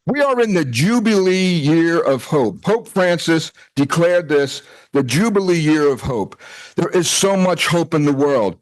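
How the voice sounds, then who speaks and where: A man's voice: on the high side, animated, unhurried, dry recording, low-quality recording. A man in his sixties giving a heartfelt, conversational speech to a retreat gathering. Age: 60s. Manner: heartfelt, conversational, with quoted dialogue. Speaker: retreat association president.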